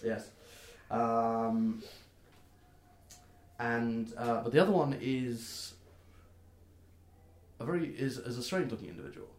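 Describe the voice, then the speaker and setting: Halting man running a tabletop game. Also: mid-range voice. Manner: halting, many fillers. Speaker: game master. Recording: roomy echo.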